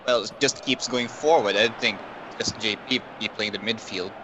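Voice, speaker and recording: A man giving casual co-commentary and analysis on a video game football match, in a relaxed, chatty way. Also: lowish voice, normal speed, dull audio, background noise. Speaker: color commentator.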